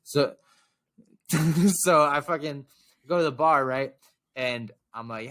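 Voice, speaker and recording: A man's voice: medium pitch, takes it slowly, long pauses. A man co-hosting a podcast, telling a story in casual, profane chat and acting out the people in it. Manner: animated storytelling, acts out quoted voices. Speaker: podcast co-host.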